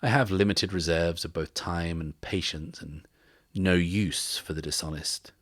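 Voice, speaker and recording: A man playing a soft-spoken menacing stranger. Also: low voice, no echo, clean studio sound. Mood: quiet menace. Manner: slow, measured, quietly incredulous.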